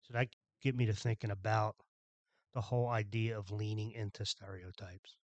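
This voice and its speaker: A man from Philadelphia with a low voice rants through a podcast monologue. He is irritated, blunt and profane. The sound is dry and close. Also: little pitch movement, normal speed, a little mellow, dry recording, highs cut off. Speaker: podcast host. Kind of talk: ranting monologue.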